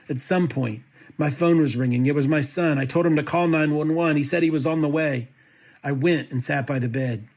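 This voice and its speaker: A man reading a court petition aloud as a commentator, with a steady, even delivery. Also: medium pitch, creaky, husky.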